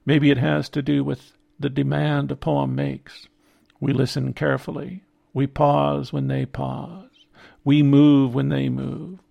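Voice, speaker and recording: An older man narrating a reflective personal essay in a measured, contemplative way. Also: mid-range voice, level tone, creaky, dull audio.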